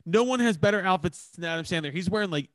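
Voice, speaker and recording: A man's voice: high voice, expressive, fast, fairly bright tone, dry recording, clean studio sound. A man co-hosting a podcast, talking emphatically in casual chat and swearing freely. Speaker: podcast co-host.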